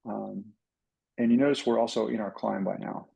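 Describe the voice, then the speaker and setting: A man with a gravelly, somewhat husky voice tells a flying story to a club audience. He talks casually and with energy, and he acts out the radio calls as he goes. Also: fairly low pitch, steady tone, normal speed, mellow, low-quality recording. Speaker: pilot and flight instructor. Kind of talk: casual talk to a pilots' club.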